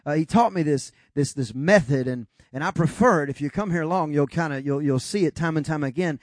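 Male pastor, high voice, dry close mic, emphatic sermon delivery. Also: brisk, no room sound. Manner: emphatic preaching, quotes scripture figures in dramatic voice.

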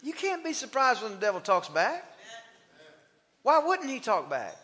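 High bright-voiced pastor man, punchy repetitive sermon, big church echo. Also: huge pitch swings, normal speed. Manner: emphatic, repetitive, builds to rhythmic declarations. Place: church sanctuary.

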